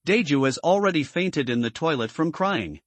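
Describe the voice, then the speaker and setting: A man reading a translated comic story aloud as a recap narrator, in a steady, even manner. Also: on the high side, moderate pace, no room sound.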